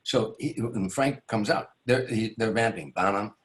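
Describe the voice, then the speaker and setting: A man's voice: lowish voice, moderate pace. A man, a stand-up comedian, telling a long show-business anecdote as an interview guest. He rambles, restarts his sentences and acts out the people in the story. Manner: rambling, with many restarts and asides.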